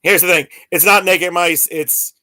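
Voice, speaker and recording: A man's voice: high voice, steady tone, a little slow, pushed and bright, no echo, soft background music. A man in his forties, talking in a rambling way full of fillers and restarts in a casual podcast chat. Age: 40s.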